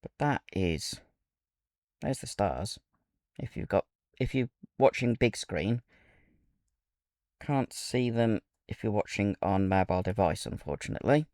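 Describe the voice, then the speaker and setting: A man giving relaxed, musing commentary while playing a train simulator, talking to himself between pauses. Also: lowish voice, dry recording, clean studio sound. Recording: loud game engine and rail noise over the voice. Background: loud simulated locomotive and ambient game sounds.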